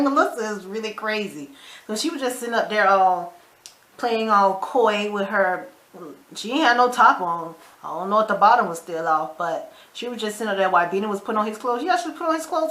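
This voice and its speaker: A woman, casually recapping a TV episode in an animated way, acting out the characters' lines and adding her own side comments. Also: mid-range voice, roomy sound. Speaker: show recap vlogger.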